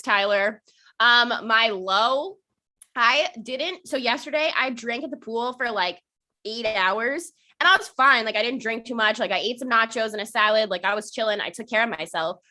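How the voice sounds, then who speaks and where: Young woman cohosting a podcast, super bright voice, swears a lot, laughs a ton. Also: fairly high pitch, measured pace. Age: young adult. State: hiccups. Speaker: podcast co-host. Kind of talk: casual chat.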